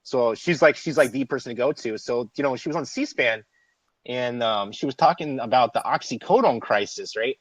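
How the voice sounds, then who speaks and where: A man's voice: mid-range voice, moderate pace, husky, no echo. A man co-hosting a casual talk show, telling a story animatedly, swearing and laughing as he goes. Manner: profane, animated, laughs through his story. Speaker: podcast co-host. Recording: dry, dull lo-fi audio.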